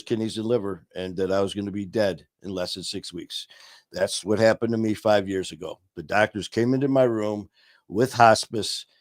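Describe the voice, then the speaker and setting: A man co-hosting a casual recovery talk show, speaking earnestly and telling personal stories, dropping quieter on painful moments. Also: fairly low pitch, no room sound. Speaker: podcast co-host.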